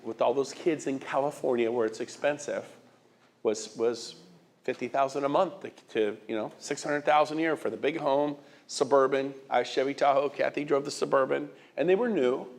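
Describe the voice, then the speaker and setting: A middle-aged man speaking at a medium pitch as he gives a motivational talk to an audience. He pushes his points with emphatic rhetorical questions, and he often repeats and restarts words. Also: creaky. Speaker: guest speaker.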